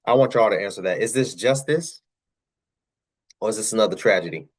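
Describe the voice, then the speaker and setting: A man's voice: on the low side, a little fast, breathy edge. A young man hosting his channel, giving casual commentary on news clips. He talks straight to his viewers, repeats himself and fires off rhetorical questions. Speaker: channel host.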